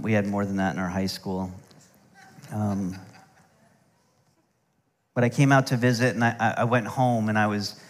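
A middle-aged man preaching a sermon, telling stories with humor and asides. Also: medium pitch. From United States. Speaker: pastor. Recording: long hall reverb.

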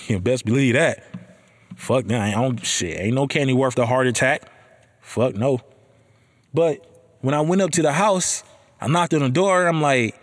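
A man hosting a podcast, telling a story about being a father in a casual chat, profane and heated, ranting with animated energy. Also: medium pitch, unhurried, pauses often. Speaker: podcast host.

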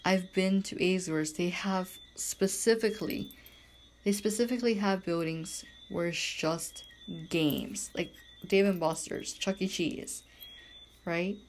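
Woman, podcast host, talks in a loose, emphatic monologue full of "like" and "literally", slightly low voice. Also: steady tone, takes it slowly, slight background noise. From Bermuda. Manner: rambling and emphatic, heavy use of "like" and "literally". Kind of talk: casual monologue.

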